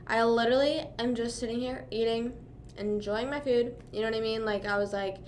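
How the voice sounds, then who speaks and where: A woman's voice: a little high, fairly even intonation, a little fast, darkish tone, slight background noise. A young woman from Pennsylvania chatting casually on a livestream, rambling with lots of "like" and "you know what I mean," sometimes talking while chewing. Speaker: streamer.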